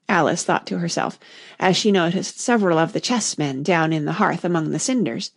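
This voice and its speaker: A woman narrating a storybook in an expressive, animated way. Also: on the low side, brisk, creaky, no echo, studio quality. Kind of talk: storybook reading.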